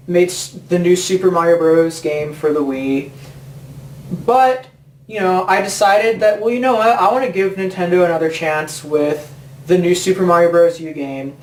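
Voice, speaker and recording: A man hosting a gaming video, ranting with heavy swearing and sarcastic put-on voices. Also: high voice. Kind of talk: profane rant. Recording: echoey room from far off, faint noise.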